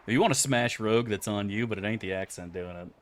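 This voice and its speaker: A man's voice: lowish voice, quick pace. A man from Florida chatting casually with viewers while streaming a game, rambling, offhand and full of swearing. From Florida, USA. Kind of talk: casual chat while gaming.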